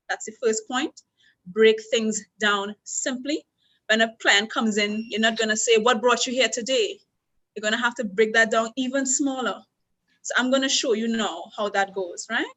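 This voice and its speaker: A woman's voice: a little high, moderate pace, fairly bright tone, poor audio. A woman with a Trinidadian accent teaching basic sign language step by step at a university orientation, patient and instructional. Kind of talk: teaching a class.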